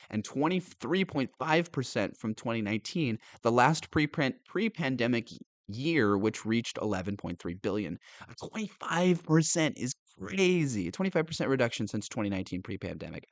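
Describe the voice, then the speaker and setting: A man's voice: mid-range voice, no room sound. Sarcastic man riffing on the news. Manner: sarcastic, laughs often, animated asides. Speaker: political commentator. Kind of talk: reading news and commenting.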